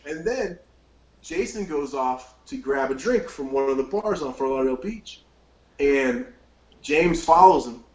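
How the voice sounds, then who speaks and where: A man hosting a podcast, telling a long story in a casual, profane, animated way. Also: medium pitch, a little slow, echoey room, highs cut off. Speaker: podcast host.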